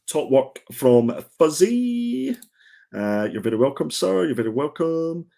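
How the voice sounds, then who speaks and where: A man's voice: on the high side, sing-song, unhurried, gravelly, warm tone. A man co-hosting a comics livestream, chatting casually in a rambling, joking way. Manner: chatty, rambling, joking, with frequent fillers and restarts. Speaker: co-host of a comics show.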